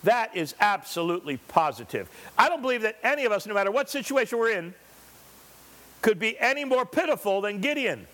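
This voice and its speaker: A man's voice: sits high, sing-song, a little fast, fairly bright tone. A male pastor preaching a sermon, driving his points home with rhetorical questions and briefly acting out the voices of scripture figures.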